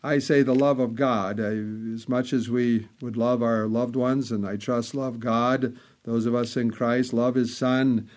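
A man preaching a sermon, speaking in measured phrases, repeating words for emphasis and quoting old scripture wording. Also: medium pitch, flat delivery, a little mellow.

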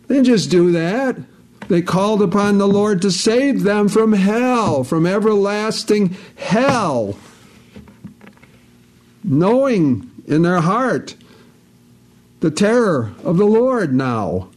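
A man's voice: high-pitched, very animated, slow, darkish tone. A man preaching a sermon, emphatic and repetitive, quoting scripture at length.

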